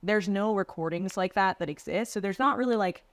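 A woman's voice: mid-range voice, brisk, dry recording. Chatty young woman telling sales stories. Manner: chatty, lots of "like" and "dude", acts out quotes. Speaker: podcast guest, remote sales closer. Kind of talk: casual interview storytelling. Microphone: video call.

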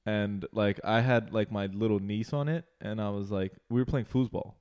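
A man's voice: lowish voice, normal speed, clear, resonant tone. A young adult man in a casual chat, telling a story in a loose, profane way with lots of "like". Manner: animated, profane storytelling, heavy use of "like".

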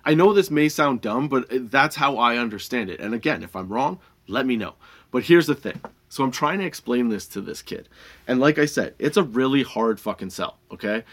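A man who works in a dispensary tells a rambling, profane story in a casual vlog and laughs often as he talks. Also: medium pitch. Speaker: dispensary budtender and product reviewer.

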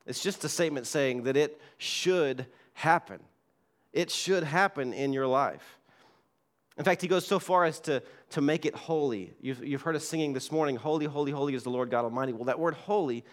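A man pastor preaching a sermon in a church, reading scripture aloud and repeating key words for emphasis. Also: mid-range voice. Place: church sanctuary.

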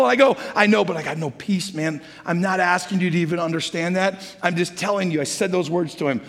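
A middle-aged pastor preaching from the stage with a notably high, light voice. He talks like he's chatting with his congregation, storytelling and then praying. The sound carries a long reverb from the big sanctuary. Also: normal speed, creaky, few pauses, fairly bright tone. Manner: conversational storytelling, sliding into prayer. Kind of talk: sermon. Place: large church sanctuary. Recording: reverberant church hall.

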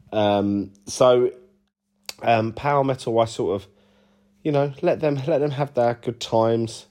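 A man with a low, mellow voice chats loosely through interview answers. He rambles, swears freely and pokes fun at himself, full of casual asides. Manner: rambling, sweary, self-deprecating banter. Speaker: band bassist and lead vocalist, interview guest.

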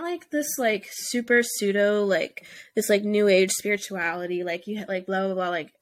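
A woman's voice: mid-range voice, a bit bright. A young woman hosting a podcast, giving blunt, heated relationship advice with lots of swearing and filler words. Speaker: podcast host.

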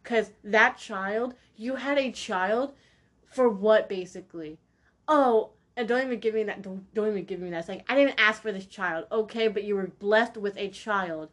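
A woman's voice: mid-range voice, normal speed, a bit bright. A young woman hosting a solo podcast, ranting bluntly and heatedly in a slangy way, repeating her points for emphasis. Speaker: podcast host. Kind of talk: opinionated solo podcast rant.

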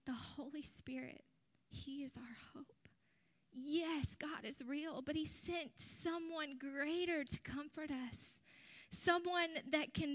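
High-voiced woman preaching a sermon. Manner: earnest, animated storytelling with soft whispered stretches. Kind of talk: sermon with personal story. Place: church.

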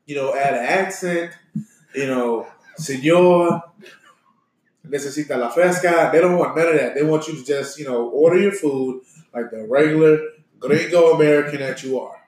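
A man telling a story in casual chat with friends, animated and laughing as he goes. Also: a little high, moderate pace. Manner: animated, laughing, mimics others' voices. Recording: echoey room.

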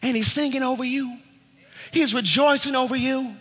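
Male pastor, high bright voice, exuberant, shouts and laughs, preaching in an echoing sanctuary. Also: steady tone, moderate pace, husky. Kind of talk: sermon. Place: church sanctuary.

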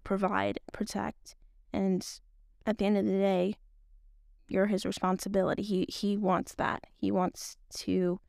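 A woman's voice: mid-range voice, creaky, a little mellow, no echo, studio quality. A young woman hosting a podcast, talking in a casual, earnest, rambling way with many restarts. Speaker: podcast host. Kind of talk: casual faith talk.

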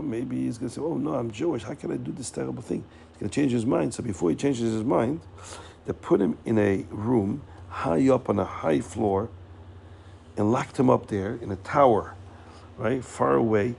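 A man telling a Hasidic story with animated delivery, repeating words and acting out the characters' lines. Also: mid-range voice, vocal fry, a little hiss or hum.

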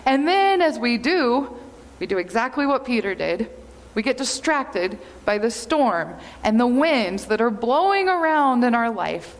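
A woman pastor giving an earnest, measured sermon in a church. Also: fairly high pitch, very animated. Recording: long hall reverb.

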